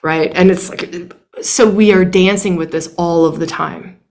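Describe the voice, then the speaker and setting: A woman's voice: fairly low pitch, steady tone, unhurried, a little mellow. A young adult woman teaching a workshop, emphatic and blunt, swearing freely and repeating phrases for emphasis. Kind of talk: impassioned teaching talk.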